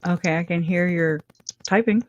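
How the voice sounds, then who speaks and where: A woman's voice: lowish voice, normal speed, muffled recording. Chatty woman hosting a live chat. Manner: chatty, laughs often, many restarts. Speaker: livestream host reading chat.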